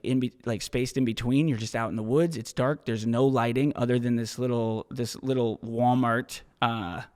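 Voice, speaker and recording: Male podcast host, mid-pitched, loose and profane, long room reverb. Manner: casual, rambling, swears freely. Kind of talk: solo podcast monologue.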